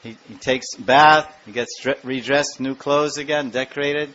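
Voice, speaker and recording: A man's voice: medium pitch, a little slow, a little hiss or hum. Man telling devotional stories, lo-fi. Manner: animated storytelling, acts out scenes. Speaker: spiritual lecturer. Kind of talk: devotional lecture, storytelling. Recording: dull lo-fi lecture recording.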